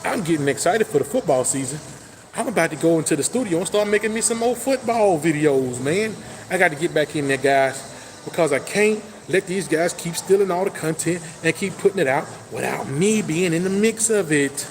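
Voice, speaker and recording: A man hosting his own football talk show, full of boastful hype and playful trash talk. His voice sits a little high, and a faint hum of ambience runs underneath. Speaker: sports talk host. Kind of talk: casual sports chat.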